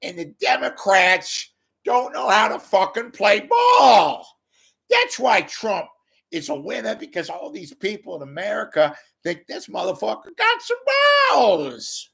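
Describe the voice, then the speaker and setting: A man's voice: high-pitched, wildly swooping pitch, a little slow, gravelly, fairly bright tone, husky, voice pushed up, full character voice. A man putting on a brash, swearing older Southern political pundit with a Louisiana drawl. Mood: ranting. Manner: drawling, swearing, hesitant with fillers.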